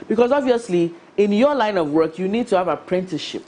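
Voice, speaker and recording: A woman's voice: mid-range voice, animated, brisk, few pauses, mellow, slight background noise. A woman with a Ghanaian accent, an HR professional giving career advice in an emphatic, advising way with rhetorical questions. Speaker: HR professional guest.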